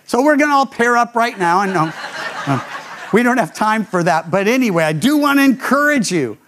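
A man's voice: high-pitched, brisk, a little hiss or hum. An older man, a pastor with grandchildren, preaching a sermon and telling stories, often acting out the voices of people he quotes. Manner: animated storytelling, acts out quoted voices.

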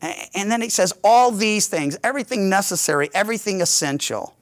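Middle-aged male pastor, high-pitched voice, folksy and conversational, sermon delivery. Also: animated, fairly quick. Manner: folksy and conversational, with frequent restarts and light humor.

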